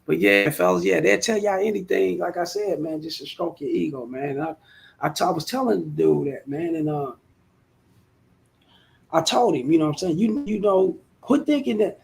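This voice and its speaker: A man's voice: sits high, expressive, moderate pace, creaky. A man in his forties telling a rambling, profane, slangy story straight to the camera. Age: 40s. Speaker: vlogger. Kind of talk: casual storytelling monologue.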